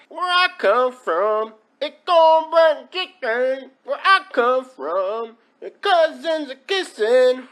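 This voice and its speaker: A man's voice: extremely high pitch, pushed and bright. A man hosting a comedic countdown, talking in a rambling, folksy, exaggerated drawl. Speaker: host of a countdown video.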